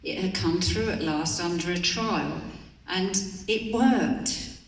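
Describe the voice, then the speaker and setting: A woman's voice: fairly low pitch, takes it slowly, recorded from a distance, slight background noise. An older woman giving an earnest, pleading personal speech to a conference audience. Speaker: conference speaker. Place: conference hall. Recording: roomy hall recorded from afar.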